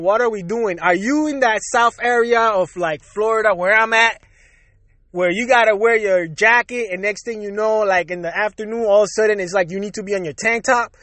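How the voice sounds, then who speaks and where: A Puerto Rican man with a high-pitched, sharp voice hosts his own podcast, ranting casually and profanely a little fast and laughing between lines. There's no echo on the recording.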